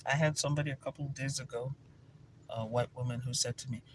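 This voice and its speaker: A man with a Nigerian accent, a spiritual teacher telling stories to viewers in a lively, energetic way with bursts of laughter. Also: medium pitch, quick pace, a little hiss or hum. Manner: energetic, animated storytelling with laughter. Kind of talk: casual teaching talk to viewers.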